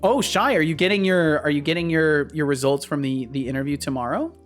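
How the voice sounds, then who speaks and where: A man codes live on stream and talks to himself as he goes. His voice sits a little high, and he circles back over his own words while he figures things out. Soft music plays faintly in the background. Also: fairly quick. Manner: thinks aloud, repeats and restarts phrases. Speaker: streamer and game developer. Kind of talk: live coding stream, thinking aloud.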